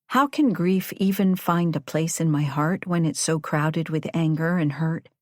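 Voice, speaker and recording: A woman with a notably low voice reads a first-person audiobook in a measured, reflective way. The sound is dry and close, with no room around it. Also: a little mellow, no room sound. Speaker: audiobook narrator.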